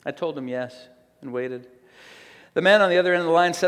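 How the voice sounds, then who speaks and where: A man delivers a sermon, reading a story aloud with earnest, slow emphasis. His voice sits a little higher than most men's. The sound rings with the long reverb of a large hall. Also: a bit bright. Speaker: preacher.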